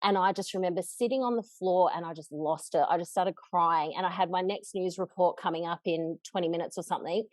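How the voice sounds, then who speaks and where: A woman in her thirties with an Australian accent, a journalist chatting casually as a podcast guest in a relaxed, easygoing way. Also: lowish voice, a little fast, hardly any pauses, dry recording. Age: 30s.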